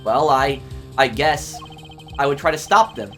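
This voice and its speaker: A man's voice: medium pitch, unhurried, a bit bright, soft background music, lightly acted. A man voicing a nervous, stammering young male defense attorney in a game let's play. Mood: earnest.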